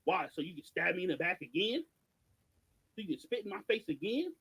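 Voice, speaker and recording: Animated, high-voiced podcast co-host man. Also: a little fast, breathy edge, rough recording. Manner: animated, emphatic, rhetorical questions. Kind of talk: passionate political commentary.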